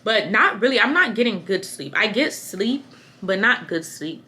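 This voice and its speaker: A woman's voice: mid-range voice, sing-song, moderate pace, bright, forceful tone. A pregnant young woman talking candidly to camera in a casual vlog, chatty and rambling, often repeating herself. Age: young adult. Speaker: vlogger.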